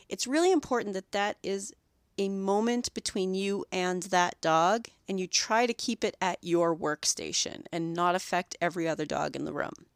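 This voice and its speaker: A woman's voice: mid-range voice, no room sound, clean studio sound. A woman who grooms dogs hosts her own podcast, talking through her methods in an earnest, reflective coaching tone. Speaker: dog groomer and podcast host. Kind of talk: solo podcast teaching talk.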